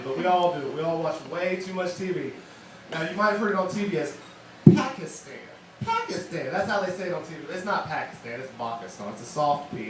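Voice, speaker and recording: A young man performing a rambling, self-deprecating stand-up set at an open mic in a wine bar. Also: a little high. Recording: echoey room, distant mic, bar noise.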